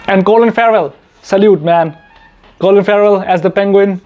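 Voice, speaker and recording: A man's voice: sits high, measured pace, long pauses, muffled recording. A young man from India hosting a casual Q&A for his channel, chatty and self-mocking, laughing often. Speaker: YouTube channel host. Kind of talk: casual Q&A chat.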